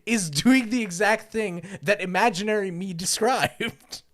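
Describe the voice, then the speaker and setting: A man co-hosting a podcast, telling a story in casual chat, lively and swearing often, with loud outbursts. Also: high voice, measured pace. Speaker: podcast co-host. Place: lives in Japan.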